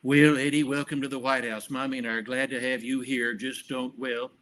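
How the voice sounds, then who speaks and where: Casual: guy doing a folksy old president bit, genial and welcoming, kinda bright and pushed up a notch. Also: medium pitch, flat delivery, fairly quick, close to an everyday voice. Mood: jovial. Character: impression of a former male president, folksy.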